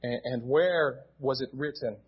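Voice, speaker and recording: A man's voice: medium pitch, a little slow, husky, highs cut off. A male pastor with an American accent, preaching a sermon in a plain teaching tone and often restarting his words.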